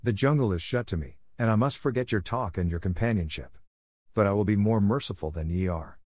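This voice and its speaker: A man's voice: on the low side, brisk, a little mellow, dry recording, studio quality, lightly acted. A man voicing a fierce, defiant boy raised by wolves in a storybook reading, commanding in manner.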